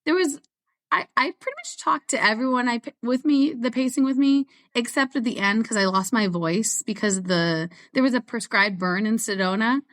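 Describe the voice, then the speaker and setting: Chatty woman, fairly high voice. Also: moderate pace, a bit bright. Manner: chatty, laughs often while telling stories. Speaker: guest ultrarunner. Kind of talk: casual interview chat.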